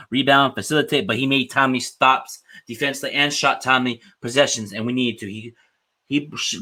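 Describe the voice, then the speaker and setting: A man hosts a relaxed sports podcast in a voice of middling pitch. He speaks emotionally and repeats himself, tacking "man" onto the end of nearly every phrase. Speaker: podcast host. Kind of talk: casual podcast chat.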